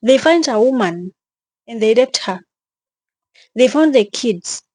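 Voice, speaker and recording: A young woman vlogging with emotion, speaking in a halting way, repeating herself and sounding tearful and shaken. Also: on the high side, lively intonation, dark tone, slightly rough. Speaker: travel vlogger. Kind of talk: emotional vlog narration.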